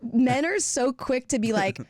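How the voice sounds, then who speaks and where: A woman co-hosting a podcast in casual chat, teasing her partner and laughing often. Her voice is high and swings widely in pitch, and she talks at an unhurried pace. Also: lively intonation, darkish tone, dry recording, studio quality. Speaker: podcast co-host.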